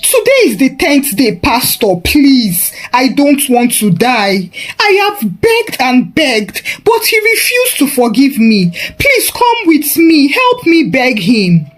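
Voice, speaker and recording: A woman's voice: high-pitched, sing-song, takes it slowly, hardly any pauses, voice pushed up, full character voice. A woman voicing a desperate middle-aged mother who begs and weeps for her life. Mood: pleading, tearful. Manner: begging, tearful.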